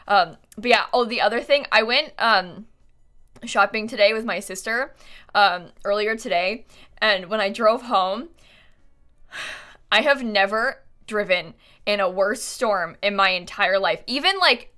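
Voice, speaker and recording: A woman's voice: a little high, sharp tone. A young woman streamer chatting casually from her room at home, giggling often and apologizing a lot as she rambles. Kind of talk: casual live-stream chat.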